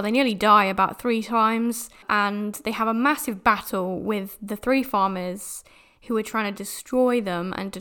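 This podcast host is a young woman from the United Kingdom whose medium-pitched voice is a bit bright, with vocal fry. Her casual film chat wanders, full of restarts and filler words.

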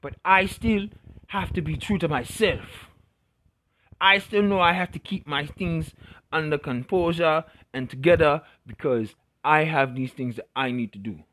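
A man's voice: fairly high pitch, measured pace, a bit bright. A man giving a passionate, blunt, profanity-laced motivational rant to camera.

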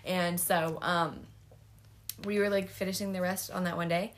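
A woman's voice: on the low side, steady tone, normal speed, a little hiss or hum. A young woman co-hosting a podcast in casual chat, rambling with lots of fillers and giggles. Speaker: podcast co-host.

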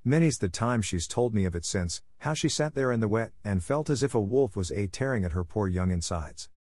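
A man's voice: fairly low pitch, animated, fairly quick, darkish tone, no echo. Man reading a kindly chatty bun-shop woman, homely talk, dry close sound. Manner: homely, chatty, ungrammatical dialect. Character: good-natured working-class baker woman, middle-aged.

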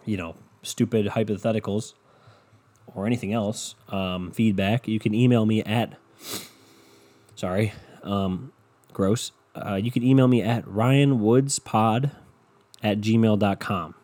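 A man's voice: lowish voice, steady tone, takes it slowly, long pauses, darkish tone. A man hosting a casual solo podcast, rambling and swearing, with a runny nose. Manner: rambling, profane, self-deprecating. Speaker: podcast host. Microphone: podcast microphone.

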